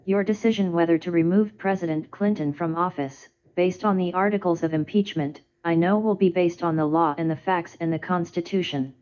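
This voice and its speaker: A woman in her thirties delivers a formal defense speech in a legislative chamber, building her points with a deliberate, rhetorical cadence. Her voice sits on the low side. The sound is dull and lo-fi, like an old archival broadcast. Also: fairly even intonation, darkish tone. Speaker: defense lawyer addressing the Senate.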